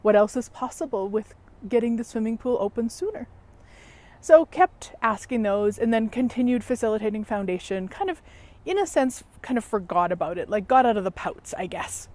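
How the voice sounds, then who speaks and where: A woman telling a story in a chatty, animated vlog from outdoors in a backyard, laughing at herself as she goes. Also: on the high side, normal speed. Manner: chatty, animated, self-mocking. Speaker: facilitator and show host.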